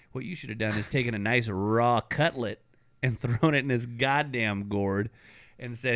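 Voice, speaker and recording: A young man co-hosting a comedy podcast, telling loud, profane stories and acting out the people in them. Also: mid-range voice, measured pace, dry recording, studio quality. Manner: loud, profane storyteller who acts out quoted voices. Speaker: podcast co-host. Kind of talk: casual comedic banter.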